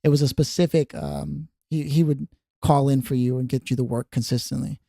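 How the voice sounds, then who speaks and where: A man co-hosting a podcast in casual chat, an animated storyteller who laughs easily and acts out quotes. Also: medium pitch, fairly quick, vocal fry, dry recording, studio quality. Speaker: podcast co-host.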